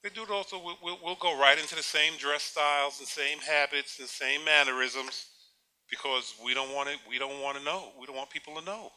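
A male preacher in mid-sermon with a high, piercingly bright voice. He keeps asking his listeners rhetorical questions and stumbles over repeated words. He often lets out a short chuckle at his own points. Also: fairly quick.

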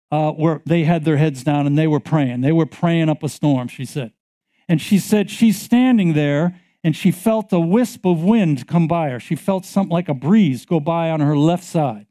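A man's voice: on the high side, mellow. A man preaching a sermon, retelling a story with many repetitions and building to emphatic passages. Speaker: pastor.

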